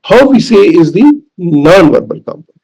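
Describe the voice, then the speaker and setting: A man with a Pakistani English accent lecturing as a professor, deliberate and repetitive, with fillers. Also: sits high, very animated, gravelly, warm tone, slightly rough, rough recording. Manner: slow, deliberate, repeats key points with fillers. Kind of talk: recorded lecture.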